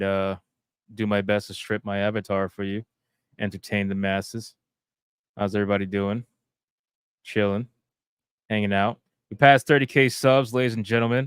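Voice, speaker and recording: A male guest streamer cracking self-mocking jokes as he takes over the show. His voice is low and smooth, with a clean, resonant tone. The sound is dry and close to the mic. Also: dry recording. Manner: joking, self-mocking, upbeat. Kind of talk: casual livestream chat.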